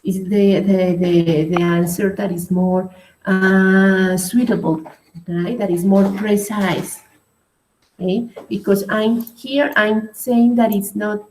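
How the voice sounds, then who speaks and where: Speaking slowly in a steady, medium-pitched, darkish voice, a woman who teaches English explains material for an online class. She goes step by step, patiently, with frequent "right?" and "okay?" The room is echoey, with faint noise.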